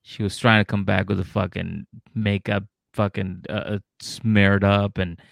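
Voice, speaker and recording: A man's voice: lowish voice, little pitch movement, unhurried, creaky, no echo, studio quality. A man with a New York accent, chatting casually and profanely on a podcast, laughing and acting out scenes in quoted voices. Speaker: podcast co-host. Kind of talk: casual chat recapping a reality show.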